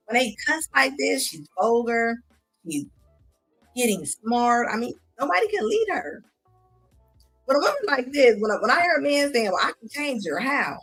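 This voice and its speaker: A woman's voice: sits high, fairly bright tone, breathy edge. Blunt, mocking woman streamer. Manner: blunt, mocking, laughs often. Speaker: commentary streamer. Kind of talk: casual reaction commentary.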